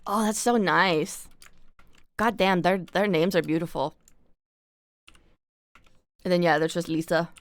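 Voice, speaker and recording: A woman's voice: on the low side, fairly even intonation, a little slow, long pauses, no room sound. A young woman from Canada chatting casually on a live stream, rambling with lots of fillers and casual swearing.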